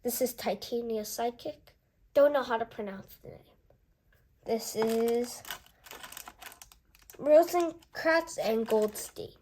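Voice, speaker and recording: A young woman casually unboxing a board game and reading its cards aloud, chatty and excited as she goes. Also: fairly high pitch, slow, pauses often, slight background noise. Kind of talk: casual unboxing and card review.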